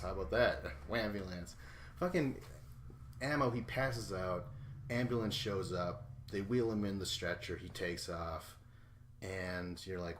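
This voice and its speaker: A man's voice: deep voice, a little hiss or hum. Rambling, profane man podcasting solo. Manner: rambling, profane, laughs often, acts out imagined dialogue. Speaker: podcast host. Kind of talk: casual solo recap podcast.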